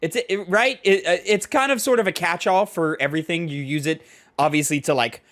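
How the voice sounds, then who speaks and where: A young man co-hosting a casual chat show, retelling scenes in a lively way and acting out the quoted lines. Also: on the high side, brisk. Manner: animated storytelling, acts out quoted lines. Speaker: podcast co-host.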